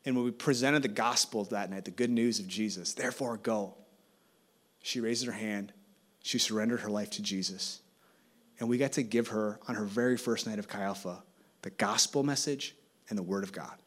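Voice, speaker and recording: A man's voice: lowish voice, brisk. A male campus ministry guest speaker giving a sermon in a church, telling stories and building to an urgent call. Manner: animated, rising to urgent exhortation. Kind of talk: sermon with storytelling. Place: church service.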